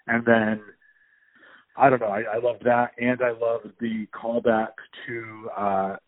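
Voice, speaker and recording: A man's voice: medium pitch, little pitch movement, takes it slowly, dry recording. A man in casual talk about a movie, enthusiastic and rambling, with many fillers and restarts. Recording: tinny phone-like audio.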